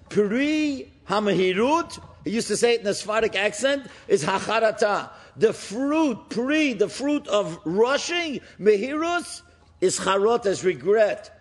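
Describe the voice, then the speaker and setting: Husky animated rabbi telling stories. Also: male voice. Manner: animated storyteller, rising in pitch for emphasis. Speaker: rabbi and speaker. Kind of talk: storytelling sermon.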